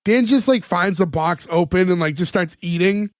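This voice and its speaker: High-voiced chatty podcast guy. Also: normal speed, no echo, clean studio sound. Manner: chatty, many "like" fillers, laughs while retelling scenes. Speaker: podcast co-host. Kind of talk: casual chat recapping a sitcom episode.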